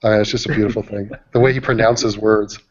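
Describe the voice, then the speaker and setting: A man hosting a casual group video call, talking in an animated, profane, rambling way. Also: lowish voice, fairly quick, a little hiss or hum. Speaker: host. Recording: dull lo-fi call audio.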